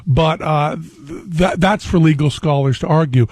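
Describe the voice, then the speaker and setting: A middle-aged man, a guest on a talk radio show, telling rambling, animated stories on a studio mic. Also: on the high side, measured pace, dry recording.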